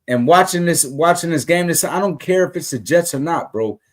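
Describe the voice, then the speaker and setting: A man's voice: a little high, animated, fairly quick. A man co-hosting a casual sports talk podcast, ranting heatedly and repeating himself with many restarts. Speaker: podcast co-host.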